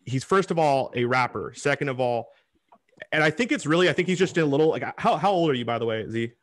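A man hosting a casual interview, talking in an animated, opinionated way. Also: a little high, quick pace, no echo, studio quality. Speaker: host.

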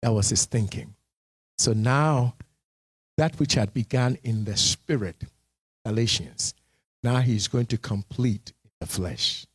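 A man preaching a sermon as pastor, repeating phrases and firing questions at his listeners, dropping low and steady, then rising to shouts. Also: slow, husky, dry recording. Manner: repeats words for emphasis and asks the congregation questions.

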